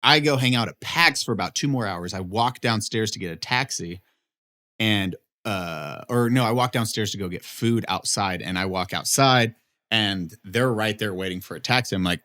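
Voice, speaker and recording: Young male guest, storyteller, acts out the quotes with jumps up, lowish voice. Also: moderate pace, sharp tone. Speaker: podcast guest, producer. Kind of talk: casual storytelling chat.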